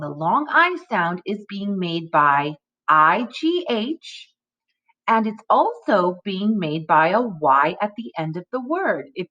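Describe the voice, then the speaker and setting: Lady teacher doing a phonics lesson for kids, slow and careful, sounding out each letter, kinda muffled recording. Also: mid-range voice, fairly bright tone. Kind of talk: phonics lesson for young children.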